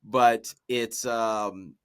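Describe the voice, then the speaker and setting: A man's voice: lowish voice, steady tone, very slow, fairly bright tone, smooth. A man hosting a podcast, casually retelling a folk tale with amused, rambling asides. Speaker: podcast host. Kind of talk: casual comedic storytelling.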